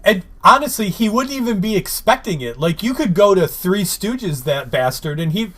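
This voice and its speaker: A man's voice: high voice, animated, normal speed, a loud crowd. A man co-hosting a podcast who mostly agrees and adds short jokes in casual chat. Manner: agreeable, chiming in with short replies. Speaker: podcast co-host.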